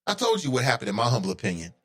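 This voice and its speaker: A man's voice: medium pitch, wildly swooping pitch, racing, fairly bright tone. A man hosting his own talk show, giving heated, opinionated commentary that climbs into indignant outbursts.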